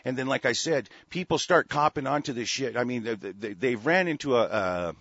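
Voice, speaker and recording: A man's voice: medium pitch, expressive, moderate pace, a bit bright, slightly rough, no echo. A man ranting angrily about politics as a show host, swearing often and restarting his sentences. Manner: profane, heated, many restarts. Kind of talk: angry political rant. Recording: dull lo-fi dry recording.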